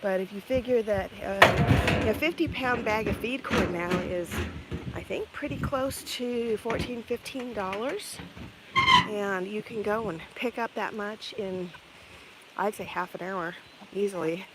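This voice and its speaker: A woman's voice: mid-range voice, unhurried. Chatty woman outdoors on a farm. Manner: chatty, rambling, laughs often. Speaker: vlogger. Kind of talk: casual storytelling while doing farm chores. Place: outdoors on a farm by chicken pens. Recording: outdoor recording with clear background noise.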